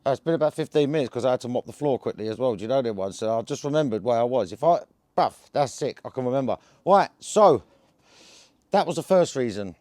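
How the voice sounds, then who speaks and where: A man's voice: mid-range voice, lively intonation, fast, dark tone, dry recording, clean studio sound. A man talking casually to camera in a rambling vlog. His speech is slangy and loose, full of fillers and "yeah?" checks. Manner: slangy, chatty, full of fillers and tag questions. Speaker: cannabis vlogger.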